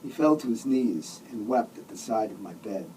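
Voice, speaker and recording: A man's voice: fairly low pitch, expressive, normal speed, dark tone, far from the mic, slight background noise, low-quality recording. A man, the author, reading his own comic novel aloud in a sardonic, grumbling manner with mock outbursts.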